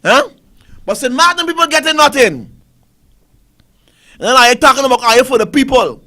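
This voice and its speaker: A man's voice: very high voice, expressive, a little fast, long pauses, sharp tone. A man with a Caribbean English accent, hosting a talk show and ranting about politics with repeated rhetorical questions. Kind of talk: fiery political commentary.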